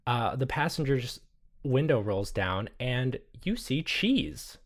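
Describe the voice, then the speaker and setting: A man's voice: mid-range voice, big pitch swings, slow pace. A man narrating a tabletop game as game master, casual and hesitant with many fillers.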